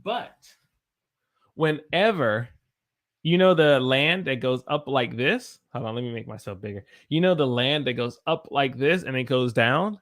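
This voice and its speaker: A Southern American man, speaking with that region's accent, runs a live-stream English pronunciation lesson in which he stretches out every example word slowly. He sounds animated, with a medium-pitched, fairly bright voice.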